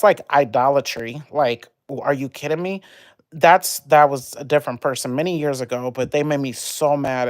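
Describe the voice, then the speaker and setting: A woman's voice: sits low, no echo, clean studio sound. Chatty woman venting on a livestream. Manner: rambling, animated, venting about an argument. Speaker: livestream host. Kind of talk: casual livestream chat.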